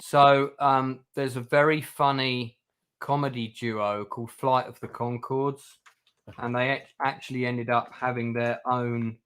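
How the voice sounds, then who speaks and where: A man hosts a casual livestream chat, his voice sitting at an ordinary middle pitch. He rambles along with plenty of fillers and restarts as he talks to his guests. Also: flat delivery, a little slow, a bit bright, clean tone. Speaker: channel host.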